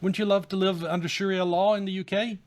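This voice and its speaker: A man giving opinionated political commentary in a measured, halting way, with frequent filler sounds. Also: high voice, little pitch movement, a little mellow.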